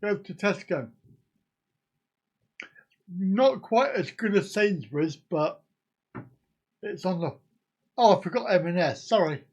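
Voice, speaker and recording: A man's voice: high voice, expressive, slow pace, pauses often, muffled recording. A man from the UK, hosting a casual live stream and joking while reacting to viewer comments.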